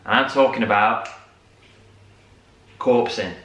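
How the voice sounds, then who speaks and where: Male co-host, casual rambling storyteller, bright tone, roomy distant sound. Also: medium pitch, takes it slowly. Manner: chatty storyteller, many fillers. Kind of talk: casual morning chat. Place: home room. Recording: echoey room, mic at a distance.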